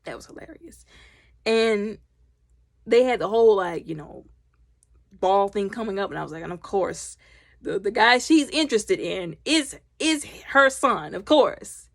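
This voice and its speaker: A woman recapping a film loudly and animatedly, acting out the characters' lines. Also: medium pitch, expressive, a little slow, no echo, clean studio sound. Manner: loud. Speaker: movie reviewer. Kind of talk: casual movie recap.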